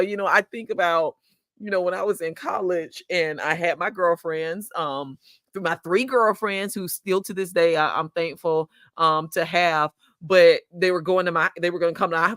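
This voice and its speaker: A woman's voice: on the low side, moderate pace, fairly bright tone, dry recording, studio quality. A woman hosting a podcast, telling stories in a casual chat, laughing often and acting out the people she quotes. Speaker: podcast host.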